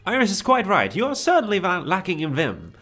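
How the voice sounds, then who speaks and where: A man's voice: high-pitched, huge pitch swings, fairly quick, fairly bright tone, breathy edge, faint music behind, pitched above the performer's own voice, full character voice. A man voicing an eccentric, pompous male detective with a put-on British accent, read from a video game. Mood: grandiose.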